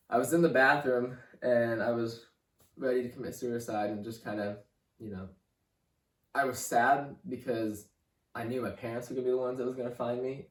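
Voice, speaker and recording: Halting young man giving a testimony. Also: on the low side, far from the mic. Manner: halting, repeats words, leans on "like" and "you know". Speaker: podcast guest. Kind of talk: personal faith testimony. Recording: roomy room, voice off-mic.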